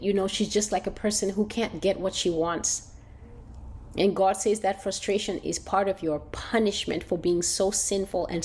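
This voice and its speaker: A woman delivering a prophetic sermon, declaiming with repeated phrases and long drawn-out pauses. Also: medium pitch. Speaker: self-styled prophet.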